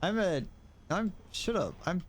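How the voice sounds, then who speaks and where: A man's voice: high voice, lively intonation, measured pace, slight background noise. A British man in his twenties, chatting and joking through a live gaming stream in a rambling, playful way. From Britain. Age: 20s. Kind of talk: casual gaming commentary. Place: home room.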